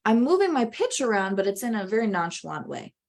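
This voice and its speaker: At a quick pace, a woman runs a webinar about public speaking, her lively delivery marked by wide pitch shifts for emphasis.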